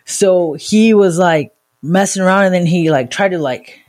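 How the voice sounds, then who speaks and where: A woman from Southern California, co-hosting a podcast and telling a wild story in a casual, profane, animated way. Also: lowish voice, moderate pace. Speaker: podcast co-host.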